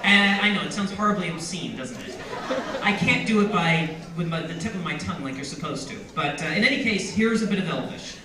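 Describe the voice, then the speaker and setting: A man with a bright, fairly high voice, playful and self-deprecating as he jokes and laughs with a crowd. He is heard from a distance, and the sound rings around a big echoing room. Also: brisk, a little hiss or hum. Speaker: author at a book signing. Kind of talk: reading excerpts and chatting with a crowd. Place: large indoor bookstore. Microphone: audience camera from a distance. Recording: echoey room, recorded from afar.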